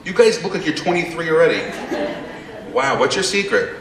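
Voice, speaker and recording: A man's voice: a little high, expressive, brisk, background noise. A male stand-up comedian, brashly teasing the audience during his routine. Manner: brash, teasing the crowd with asides. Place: theater stage with a live audience. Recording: echoey theater from far off, audience laughter.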